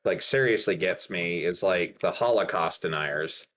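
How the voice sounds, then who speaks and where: Blunt exasperated guy, really low voice, kinda muffled lo-fi mic. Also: measured pace, a bit bright, a little hiss or hum. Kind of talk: casual chat.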